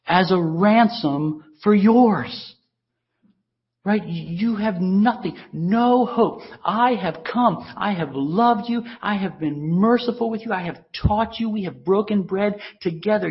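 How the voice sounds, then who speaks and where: A man's voice: high voice, voice pushed up, heavily acted. A man preaching in the first person as a male teacher pleading with his followers, earnest and emphatic. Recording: dull lo-fi recording.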